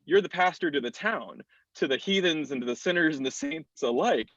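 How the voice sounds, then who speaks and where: A man's voice: expressive, fairly quick, a bit bright, no echo. A man putting on a Scottish accent to voice a scolding rural parishioner from the Glens. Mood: insistent. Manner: chiding, teasing, raised put-on pitch. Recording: dull lo-fi dry sound.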